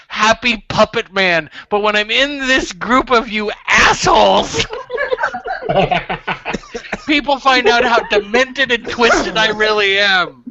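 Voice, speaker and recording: High-voiced laughing man on a lo-fi call. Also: bright, forceful tone. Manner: laughs often, self-mocking. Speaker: podcast co-host. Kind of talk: crude casual banter. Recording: lo-fi online call audio.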